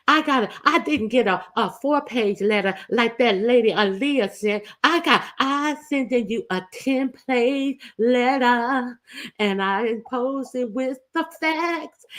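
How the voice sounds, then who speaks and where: A woman's voice: high-pitched, fairly bright tone, pitched above the performer's own voice. A woman mockingly voicing a muddled, defiant older woman who boasts about a letter. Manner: slow, halting, mocking.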